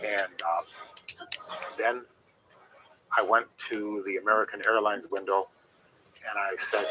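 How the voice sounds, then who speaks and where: A middle-aged man, a former wrestler, telling rambling, animated stories as an interview guest. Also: on the low side, takes it slowly, pauses often, noisy background. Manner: rambling, animated anecdotes with restarts. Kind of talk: casual storytelling.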